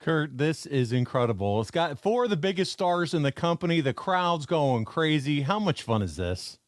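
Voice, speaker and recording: A man's voice: fairly high pitch, very animated, moderate pace. A man hosting a podcast, asking questions in an enthusiastic, conversational way. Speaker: podcast host. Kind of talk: casual interview.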